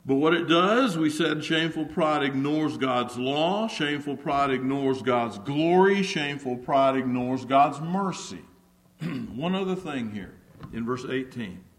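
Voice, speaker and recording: A man's voice: medium pitch, animated, measured pace. A man preaching an earnest sermon, repeating key phrases and acting out the prophet's words with rising emphasis. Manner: repeats phrases, with stumbling restarts. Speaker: pastor.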